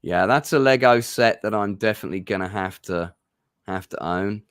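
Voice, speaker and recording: A man's voice: on the low side, normal speed, a bit bright, clean tone, dry recording, clean studio sound. A man hosting a casual livestream chat, rambling with lots of restarts and ums. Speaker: livestream host.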